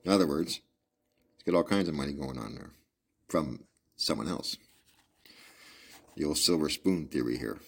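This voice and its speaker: A man reading a classic detective story aloud and dropping relaxed, folksy asides. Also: rumbling low, normal speed, gravelly, pauses often, slightly rough. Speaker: reader. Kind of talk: casual audiobook commentary.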